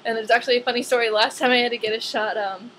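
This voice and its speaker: A young woman ranting casually to camera in a vlog, chatty and animated, with lots of "like". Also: fairly high pitch, rapid-fire, slight background noise, poor audio. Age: young adult.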